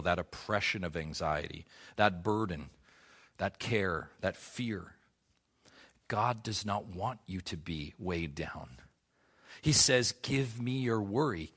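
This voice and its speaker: Man preaching, bright forceful tone, impassioned, swells to emphatic peaks. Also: sits low. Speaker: pastor. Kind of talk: sermon.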